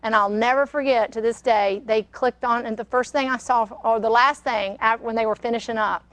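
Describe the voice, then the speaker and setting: A woman's voice: a little high, steady tone, brisk, fairly bright tone, dry recording. An older woman, hosting a casual cooking demonstration and chatting in a rambling, storytelling way. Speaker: cooking show host. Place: kitchen studio.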